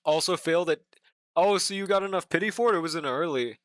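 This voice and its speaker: A man's voice: fairly high pitch, quick pace, a bit bright, no room sound, studio quality. A man streaming live, chatting casually while he draws, joking and cursing, humming to himself between remarks. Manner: joking, profane, hums to himself.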